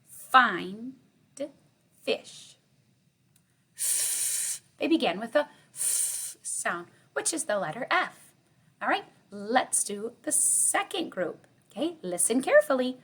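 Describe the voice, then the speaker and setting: A kindergarten teacher with a medium-pitched, slightly breathy voice leads a cheerful online morning lesson for young children. She goes slowly in a sing-song way, sounding out letters and counting along with them.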